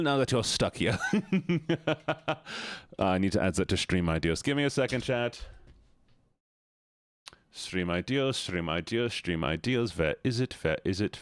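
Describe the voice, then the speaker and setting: A male streamer talking to his chat on a live stream, teasing and playful, switching between put-on accents and goofy voices. His voice sits a little low but swings widely up and down. The sound is close and dry, with no room echo. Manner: playful, jokey, keeps slipping into put-on accents and silly voices. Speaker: livestreamer.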